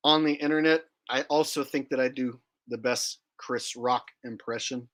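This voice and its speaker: Dude on a livestream chatting w viewers, cocky jokes, swears a lot, bright voice. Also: male voice, mid-range voice, steady tone, moderate pace. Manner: joking, brash, profane. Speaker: livestream host. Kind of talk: casual livestream chat.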